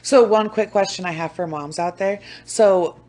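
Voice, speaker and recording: A young woman co-hosting a podcast in casual chat, blunt and animated, swearing freely as she tells stories. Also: medium pitch, moderate pace. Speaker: podcast co-host.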